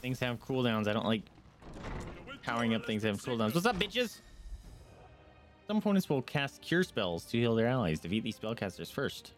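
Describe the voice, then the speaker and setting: A young man streaming a game at home on a desk mic, excitably commenting and cheering on his companion. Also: mid-range voice, moderate pace, pauses often, faint music behind. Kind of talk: live gameplay commentary.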